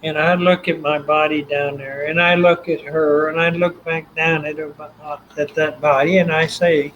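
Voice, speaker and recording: A man's voice: a little high, moderate pace, few pauses, lo-fi sound, a little hiss or hum. Older Texan man telling a story. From Texas. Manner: animated, acts out quoted voices. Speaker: guest. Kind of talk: storytelling interview.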